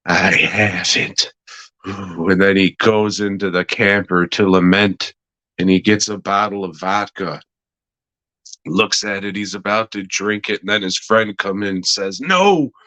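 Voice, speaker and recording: A man's voice: deep voice, level tone, a little slow, a bit bright, no room sound, low-quality recording. A young man casually reviewing a TV episode, laid-back, meandering and swearing a lot. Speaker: podcast host reviewing a TV episode. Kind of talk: casual, profane review chat.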